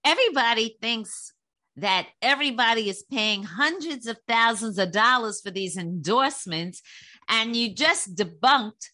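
A woman's voice: fairly high pitch, animated, measured pace, pushed and bright. A woman hosting a podcast interview, praising and chatty with her guest. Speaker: podcast host.

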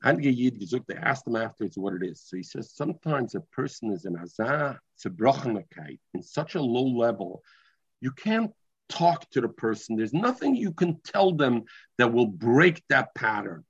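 A man's voice: mid-range voice, very animated, moderate pace, slightly rough, dry recording. A man teaching a Talmud class, mixing English with Hebrew and terms and often restarting his sentences. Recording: dull lo-fi recording.

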